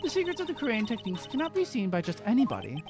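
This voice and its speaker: A woman's voice: on the high side, huge pitch swings, voice pushed up. A woman voicing a stern, formal older woman of a spirit-medium clan, reading game dialogue aloud. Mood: haughty. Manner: stiff, haughty, slow and formal. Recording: game music behind.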